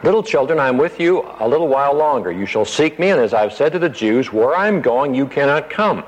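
A man's voice: medium pitch, animated, a little fast. Man teaching the Bible over radio. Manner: acts out the disciples' lines in a raised, pleading voice. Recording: dull radio broadcast with long reverb.

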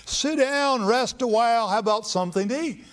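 A man's voice: very high voice, moderate pace, pitched above the performer's own voice. A man voicing an eager, hospitable old male patriarch who calls out to guests with hearty welcomes.

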